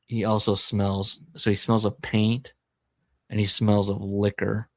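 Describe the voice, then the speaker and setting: A man with a fairly low, gravelly voice hosts a casual book-discussion podcast. He retells the plot in an animated way and drops jokey, self-deprecating asides. The sound is close and dry. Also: a little slow, no room sound. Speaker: podcast host.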